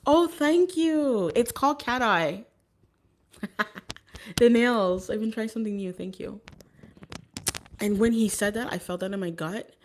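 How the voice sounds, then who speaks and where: A woman telling a personal story in a casual, rambling way, with many fillers and restarts. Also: mid-range voice. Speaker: vlogger.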